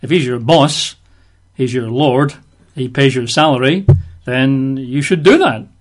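A man's voice: mid-range voice, a little slow. A man giving conversational Bible teaching, explaining verses with everyday examples.

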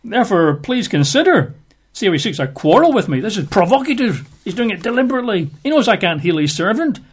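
A man's voice: big pitch swings, breathy edge, full character voice. A man voicing a frantic, fearful ancient king in a dramatized Bible reading during a sermon. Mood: panicked. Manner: high, agitated, rushed exclamations.

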